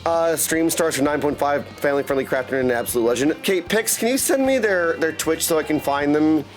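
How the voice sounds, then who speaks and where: A man streaming a video game, chatting casually and excitably with his chat and rambling as he calls them "my dudes". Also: fairly high pitch, fairly quick, soft background music.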